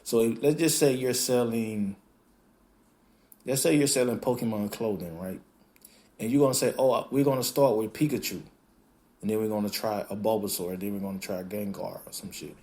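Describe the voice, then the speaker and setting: A man hosting a podcast, talking in a casual, animated monologue that acts out quoted voices and swears freely. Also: on the low side, moderate pace. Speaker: podcast host.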